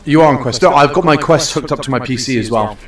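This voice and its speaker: A young man with a medium-pitched, somewhat bright voice talks fast while streaming a game. He keeps the live commentary casual and playfully bosses the customers about. The recording is distant and echoey, off from the mic.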